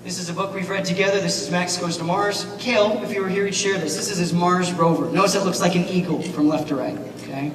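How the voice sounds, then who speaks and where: A man giving a keynote speech at a banquet, animated and asking the audience questions. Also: high voice, quick pace, hardly any pauses. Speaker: keynote speaker, teacher. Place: large banquet hall. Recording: echoey hall, mic from far off, noisy.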